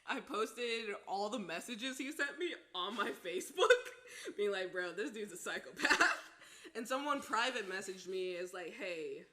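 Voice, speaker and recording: A woman chatting casually on a podcast, her voice very bright and ringing. She tells her story in an animated, loose way, laughing often and swearing freely. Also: medium pitch, a little slow. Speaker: podcast co-host.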